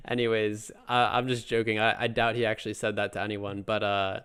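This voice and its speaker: A man with a smooth, clear voice teaches a language lesson in a relaxed, chatty way. He jokes along and fills his talk with fillers and little restarts, sitting a bit low in pitch. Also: fairly quick. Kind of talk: casual spoken lesson.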